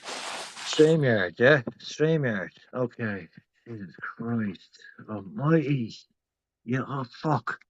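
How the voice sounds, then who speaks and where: A man talking on a phone in a rambling casual chat, swearing a lot and swinging from loud outbursts to whispers. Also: medium pitch, lively intonation, drawn-out words, rough recording.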